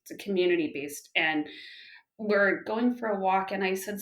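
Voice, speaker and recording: A woman in her thirties, a podcast guest, talking casually and telling animated stories about home life. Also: medium pitch, moderate pace. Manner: animated storytelling, with lively quoted dialogue. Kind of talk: casual conversational interview. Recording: roomy echo.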